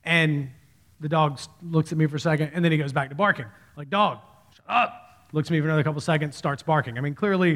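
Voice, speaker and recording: A man in his thirties preaching a sermon as a pastor, telling stories in a conversational way. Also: fairly high pitch. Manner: conversational storytelling preacher, animated quoted voices.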